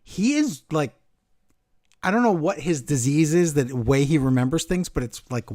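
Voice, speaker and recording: A man's voice: on the high side, moderate pace, dry recording, clean studio sound. A man co-hosting a podcast, chatting casually and acting out quotes as he retells a match. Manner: animated storytelling, acting out quotes. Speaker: podcast co-host. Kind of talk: casual wrestling chat.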